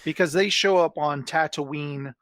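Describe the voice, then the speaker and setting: A man chatting as a podcast guest, relaxed and easygoing as he recounts scenes. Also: on the high side, measured pace, no room sound, clean studio sound. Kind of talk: casual chat.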